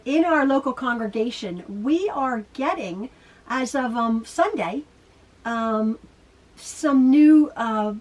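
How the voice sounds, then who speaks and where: A middle-aged woman chatting through a home sewing tutorial, talking quickly and rambling with fillers and restarts. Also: high-pitched, distant mic. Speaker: quilting teacher. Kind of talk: casual sewing tutorial chat.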